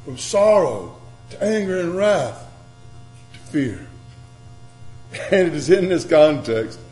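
A man preaching a sermon, dramatic, swinging between loud emphasis and quiet scripture reading. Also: fairly high pitch, very animated, slow. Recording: echoey room with mains hum.

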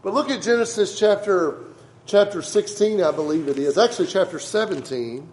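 A man's voice: sits high, normal speed, darkish tone, reverberant, low-quality recording. A man preaching a sermon to a congregation in a conversational way, often asking them questions. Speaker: pastor.

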